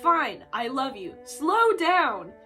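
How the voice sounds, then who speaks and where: A woman's voice: high-pitched, big pitch swings, slow pace, pushed and bright, far from the mic, faint music behind, full character voice. A woman voicing a scared, pleading young girlfriend. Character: frightened young woman on a speeding motorcycle.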